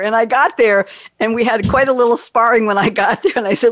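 A woman's voice: fairly high pitch, brisk, dry recording. Older woman host, chatty storyteller. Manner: chatty storyteller, acts out quoted voices. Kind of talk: casual interview chat.

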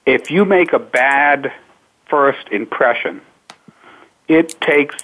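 A man who coaches public speaking, answering interview questions in a measured, unhurried way with frequent pauses. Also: mid-range voice, a bit bright, slight background noise. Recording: narrow phone-line sound.

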